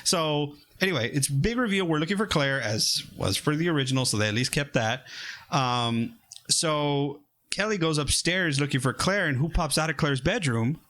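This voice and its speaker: A man co-hosting a podcast, retelling a film in a rambling, animated way with fillers and some swearing. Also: on the high side, moderate pace. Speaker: podcast co-host. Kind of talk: casual film review chat.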